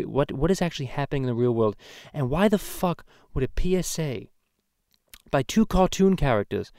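A man's voice: medium pitch, darkish tone, dry recording, clean studio sound, natural voice. A man voicing a foul-mouthed cartoon baby, ranting profanely and rambling in a comedic podcast. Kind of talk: comedic podcast rant in character.

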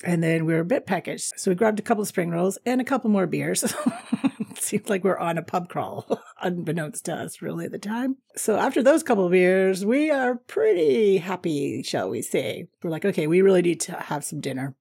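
A woman's voice: on the low side, expressive, normal speed, vocal fry, a little mellow, breathy edge, no room sound, clean studio sound. A middle-aged woman from North America telling a rambling, chatty travel story, laughing often.

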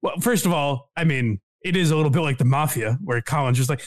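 A man co-hosting a casual comedy podcast, talking in an animated way, laughing often and quoting people in voices. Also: fairly high pitch, fast talker. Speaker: podcast co-host.

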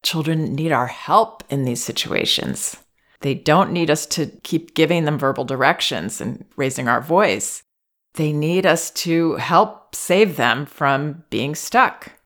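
A woman with a notably low voice talks through parenting advice. Her delivery is calm and measured. Now and then she gently voices what a parent or child might say. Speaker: parenting advisor.

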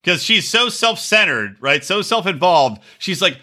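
A man hosting a podcast, ranting profanely and mocking reality TV stars with quick impressions. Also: high voice, sing-song, pushed and bright. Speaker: podcast host. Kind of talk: profane comedic rant.

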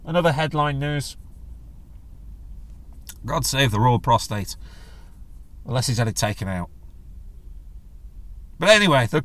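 Unhurried and expressive, the man pauses often, his mid-range voice a bit bright. He is a middle-aged host of a casual solo podcast, chatty and jokey, rambling along and mimicking others in silly voices.

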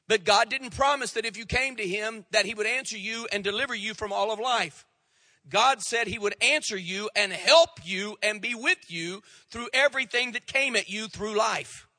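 A man preaching a sermon as pastor, folksy and emphatic, slowing down to stress the words he quotes. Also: very high-pitched, sharp tone, no room sound, big-room sound.

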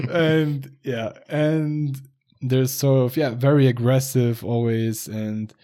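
A man's voice: medium pitch, fairly even intonation, very slow, mellow. A man chatting casually, rambling a little and hesitating with many restarts. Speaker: conversation partner. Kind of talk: casual chat.

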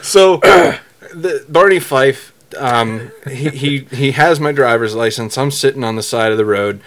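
A man co-hosting a podcast, telling a story in casual chat, halting and rambling with many restarts. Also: mid-range voice, a bit bright. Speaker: podcast co-host.

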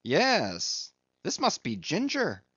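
This is a brash old-ship sailor mate, as a man puts him on for an audiobook, loud and mocking, his voice leaping wildly high. The sound is dry and a little muffled. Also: wildly swooping pitch, dry recording. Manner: loud, mocking, fast-rising outbursts. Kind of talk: audiobook reading.

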